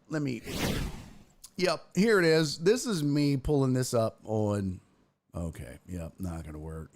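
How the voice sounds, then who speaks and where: Lively rambling man hosting a stream. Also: medium pitch, gravelly. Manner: rambling, self-interrupting, exclaiming. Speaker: sports show host. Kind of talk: casual live-stream chat.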